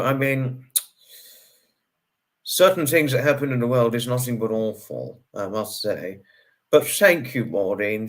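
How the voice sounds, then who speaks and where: A man, hosting a casual livestream and reading out viewer comments in a chatty way, greeting each viewer with sudden high bursts. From United Kingdom. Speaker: livestream host.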